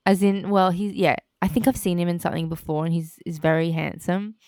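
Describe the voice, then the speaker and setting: A woman in casual chat about a show, playful with quick asides. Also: fairly low pitch, level tone, a little mellow, a little hiss or hum.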